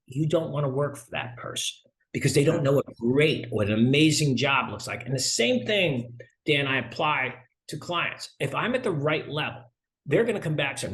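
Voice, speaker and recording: A middle-aged man speaks as an interview guest about sales. He tells stories with energy and acts out the back-and-forth of conversations. His pitch sits in the middle range for a man. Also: moderate pace. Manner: animated storyteller, acts out dialogue.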